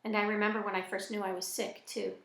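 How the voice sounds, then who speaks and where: A woman voicing a troubled teenage boy who speaks flatly and plainly in a novel reading. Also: medium pitch, quick pace, lightly acted. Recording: echoey room.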